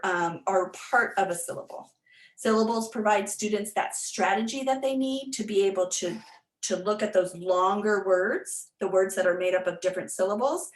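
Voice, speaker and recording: A woman's voice: medium pitch, reverberant, poor audio. A woman teacher giving an informal online workshop on reading skills, chatty and full of fillers and restarts as she sounds words out. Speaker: literacy teacher presenting a workshop.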